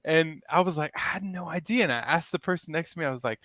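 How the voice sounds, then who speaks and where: A man's voice: fairly high pitch, quick pace, sharp tone, no room sound. A man in his forties telling stories in a casual podcast chat, rambling and laughing often. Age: 40s. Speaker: podcast co-host.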